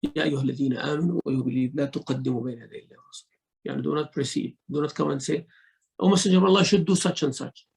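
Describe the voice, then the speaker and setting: A man giving a religious lesson, mixing quick recitation into his English explanations and acting out examples of speech. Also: a little high, gravelly, a little mellow, poor audio. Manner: mixes Arabic recitation into English teaching, acts out rude and polite speech. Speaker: sheikh teaching Quran commentary.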